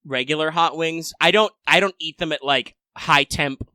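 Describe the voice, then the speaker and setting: A man co-hosting a relaxed gaming podcast, his voice a touch high and bright with a forceful edge. He rambles through his opinions, cursing freely and tossing in quick asides. The sound is close and dry, with no room around it. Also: no room sound. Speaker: podcast co-host. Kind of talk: casual gaming podcast chat.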